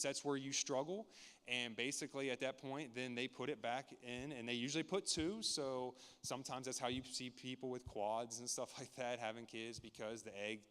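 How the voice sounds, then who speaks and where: A man's voice: mid-range voice, a bit bright, smooth. A man in his thirties sharing a candid, earnest personal testimony with a church congregation, often restarting his sentences as he tells the story. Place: large church sanctuary. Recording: long reverb of a church hall.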